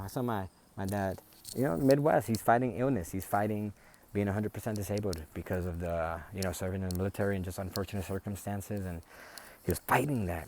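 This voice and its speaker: A man's voice: low-pitched, a little mellow, a little hiss or hum. A man telling a personal family story in a rambling, conversational way, full of restarts. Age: adult, a father.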